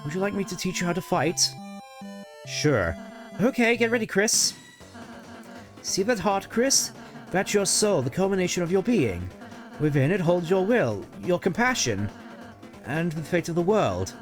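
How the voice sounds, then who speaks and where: A man voicing a gentle, shy young goat prince in a video game, speaking softly and politely with hesitant little ums. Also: high voice, sing-song, measured pace, pauses often, faint music behind, voice pushed up. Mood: encouraging. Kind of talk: video game voice-over reading.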